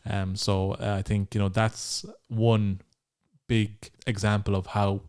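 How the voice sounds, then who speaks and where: A man's voice: fairly low pitch, little pitch movement, slow pace, a little mellow, smooth. An Irish man hosting a casual podcast interview, chatting eagerly about comedy. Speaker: podcast host.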